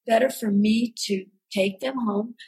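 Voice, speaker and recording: A woman artist from the Midwest, telling animated, self-mocking stories in an interview. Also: fairly high pitch, measured pace, slightly rough, poor audio. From American Midwest. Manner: animated, self-mocking, acts out voices, many restarts. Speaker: artist recalling her early work. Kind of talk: storytelling interview answers.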